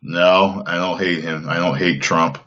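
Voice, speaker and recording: A man's voice: low-pitched, fairly even intonation, unhurried, bright, forceful tone. A man hosting a casual livestream, answering chat comments bluntly, swearing and laughing often. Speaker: livestream host. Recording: dull lo-fi livestream audio.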